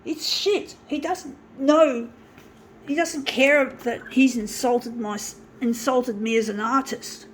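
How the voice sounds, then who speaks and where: A woman's voice: high voice, takes it slowly, slight background noise. A woman talking to her viewers in a casual monologue, blunt and profane, bitter and aggrieved, rambling with many restarts.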